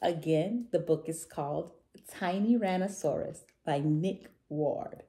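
Slow, expressive storybook-reading woman. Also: deep voice. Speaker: children's book reader. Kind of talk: storybook read-aloud.

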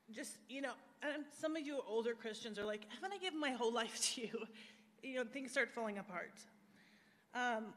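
A guest speaker with a fairly high, fairly bright voice, this American woman shares her personal testimony at a church service that is live-streamed. Her delivery is candid and emotional, full of fillers, and the hall is echoey.

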